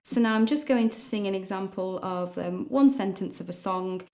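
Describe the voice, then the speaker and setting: A woman's voice: mid-range voice, moderate pace, dark tone. A woman teaching a singing lesson, explaining patiently and stopping to demonstrate notes with her voice. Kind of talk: vocal lesson.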